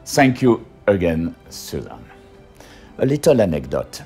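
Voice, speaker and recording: A man's voice: sits low, sing-song, unhurried, vocal fry, mellow, slightly rough, faint music behind. A man with a French accent, giving a hesitant interview testimony full of fillers and restarts. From France.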